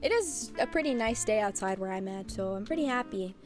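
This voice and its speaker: A woman streamer chatting casually with her viewers, animated and blunt, laughing often. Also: medium pitch, fairly quick, music in the background.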